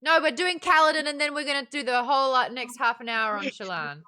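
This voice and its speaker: A woman with a bright, forceful voice leads a relaxed book club chat on a livestream. She talks animatedly and laughs a lot, slipping into quick impressions of characters as she goes. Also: high-pitched, clear, resonant tone.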